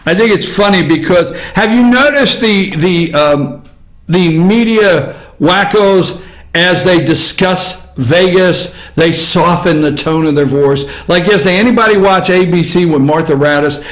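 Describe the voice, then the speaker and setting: A man's voice: sits high, unhurried, fairly bright tone, reverberant, low-quality recording. A man hosting an opinionated news commentary show from an office, talking in a blunt, emphatic, ranting way and swearing freely. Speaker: political commentary show host.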